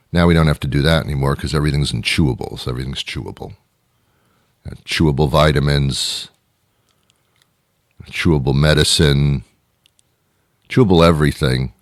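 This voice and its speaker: A man's voice: very deep voice, dry recording, studio quality. A middle-aged man hosting a radio show, delivering an exasperated, rambling comedic monologue full of repeated questions.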